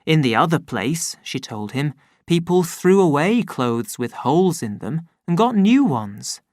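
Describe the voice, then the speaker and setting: A narrator reading a story aloud in a slow, measured, plain storytelling manner. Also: mid-range voice, big pitch swings, darkish tone, no room sound, studio quality. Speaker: audiobook narrator. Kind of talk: scripted narration.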